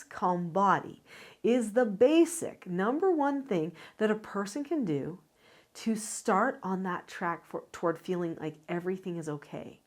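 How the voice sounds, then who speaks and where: An older woman who teaches parenting, speaking straight to viewers in an earnest, demonstrative way. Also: mid-range voice. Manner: earnest, demonstrative, acts out voices as examples. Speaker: parenting educator. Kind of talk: direct-to-camera teaching.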